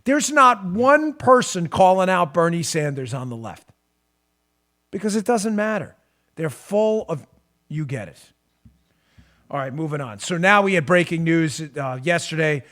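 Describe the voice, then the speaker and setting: A fired-up man hosting a political talk show, his voice pitched high for a man. He hammers the same questions again and again and lets his frustration spill over. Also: animated, measured pace, pauses often, a bit bright. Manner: emphatic, repetitive rhetorical questions, bursts of frustration. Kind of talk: heated political commentary.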